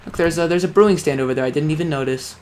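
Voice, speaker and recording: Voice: mid-range voice, racing, darkish tone, a little hiss or hum. Exasperated young gameplay commentator. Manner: self-critical, exasperated talk to self. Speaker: let's play creator.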